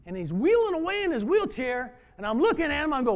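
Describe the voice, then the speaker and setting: A former wrestling coach telling a story to an audience, acting out the dialogue in an animated way. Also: male voice, very high voice, a little fast, few pauses. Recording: hall reverb.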